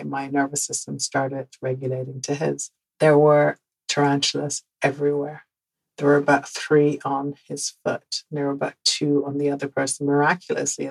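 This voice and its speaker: A woman from the Netherlands with a Dutch accent, hosting a podcast and telling a personal story in an animated way, repeating words for emphasis and laughing often. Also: low-pitched, creaky, husky, rough recording. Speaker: podcast host.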